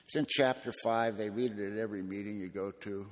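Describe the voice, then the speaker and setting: A man's voice: lowish voice, fairly even intonation, brisk, big-room sound. A man giving a raw, plainspoken personal testimony as a speaker at a recovery meeting.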